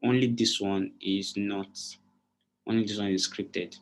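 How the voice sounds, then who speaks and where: A man's voice: lowish voice, steady tone, measured pace, a little hiss or hum. A man teaching a live online design class, explaining step by step and often checking whether his students understand. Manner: repeats checking questions to students. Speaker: design instructor.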